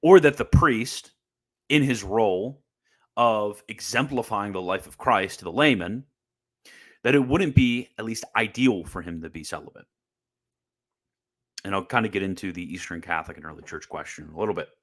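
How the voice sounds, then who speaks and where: A man's voice: on the low side, normal speed, a bit bright. A young man giving casual, combative commentary on church teaching, sarcastic and full of restarts. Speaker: Catholic commentator.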